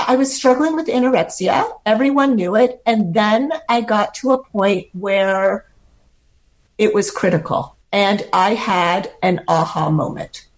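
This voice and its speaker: An older woman, a podcast guest, telling her personal story in an earnest, heartfelt way, close to tears at times. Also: mid-range voice.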